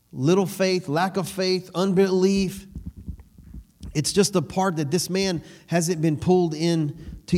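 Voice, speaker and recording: A man's voice: a little high, darkish tone. A man preaching a sermon in a conversational way, laughing between points and asking the room if they follow. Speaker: pastor.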